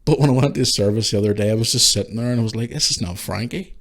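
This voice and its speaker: A middle-aged man with a Northern Irish accent hosting a podcast, speaking emotionally and haltingly in a tribute monologue, swearing and restarting his sentences. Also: medium pitch. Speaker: podcast host.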